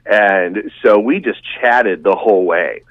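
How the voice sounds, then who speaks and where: A man's voice: fairly low pitch, slow pace, dry recording. A man telling a long, rambling, enthusiastic story as a guest in a casual podcast chat. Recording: dull, dry, lo-fi sound.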